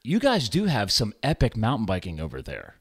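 A man's voice: on the low side, wildly swooping pitch, a little fast, slightly rough. Chatty American man hosting a podcast. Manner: enthusiastic, chatty, laughs often. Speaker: podcast host. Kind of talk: casual interview chat.

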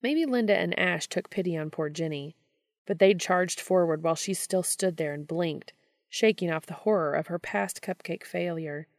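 A woman reading fan fiction aloud in a steady, low-key storytelling manner. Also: normal speed, no room sound, clean studio sound. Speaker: podcast reader.

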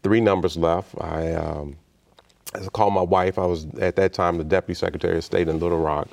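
Deep, gravelly-voiced man telling a story. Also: a little fast. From Chicago, United States. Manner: animated storyteller who acts out the voices in his story. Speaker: interview guest, state official. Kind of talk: personal storytelling in a conversation.

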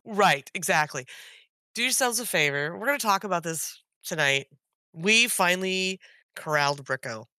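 A woman in her thirties co-hosting a casual gaming podcast, hoarse from being sick and talking in an animated way, laughing and wandering off topic. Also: fairly low pitch, moderate pace, dry recording. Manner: animated, laughs often, jumps between topics. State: hoarse from illness. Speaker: podcast co-host. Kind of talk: casual chat.

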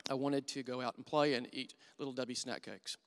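A man's voice: mid-range voice, fairly even intonation, fairly quick. A middle-aged man preaching a sermon as a church elder, telling candid and self-deprecating stories. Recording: long hall reverb.

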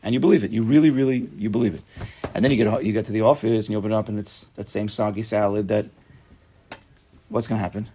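A man's voice: fairly low pitch, fairly even intonation, fast talker, warm tone, breathy edge. A man giving a casual, chatty Torah class, joking and mixing Hebrew and Yiddish terms into his talk.

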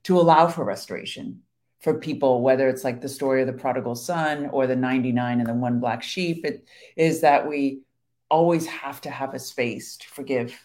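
A woman's voice: a bass voice, moderate pace, darkish tone. A woman co-hosting a Christian devotional chat with her husband, sharing testimony earnestly and laughing often. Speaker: co-host of a Christian devotional show.

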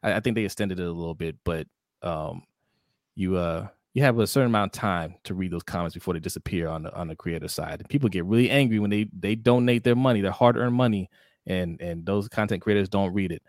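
A man hosting a casual sports talk show, animated and jokey, acting out quotes in high voices. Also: fast talker, no room sound, clean studio sound. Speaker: podcast host.

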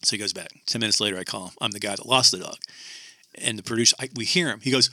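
A man hosts a relaxed chat, spinning a long anecdote and slipping into the voices of callers. His voice is strikingly bright and the recording sounds close and dry. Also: lowish voice, racing, dry recording. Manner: animated storyteller, acts out phone voices. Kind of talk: casual chat, storytelling.

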